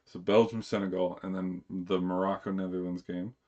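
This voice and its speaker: A man's voice: sits low, level tone, normal speed, a little mellow, highs cut off. A man chatting casually on a live stream, rambling with lots of fillers and restarts.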